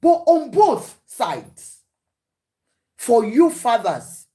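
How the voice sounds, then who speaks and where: A woman's voice: fairly high pitch, very animated, drawn-out words, mellow. A Nigerian woman hosting a talk show, giving preachy, emphatic commentary to her panel and often switching into Yoruba.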